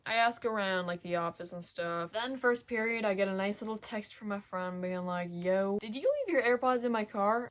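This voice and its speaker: A teenage girl vlogging a casual storytime, rambling with lots of filler words and muttering hushed asides to herself. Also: medium pitch. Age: teens.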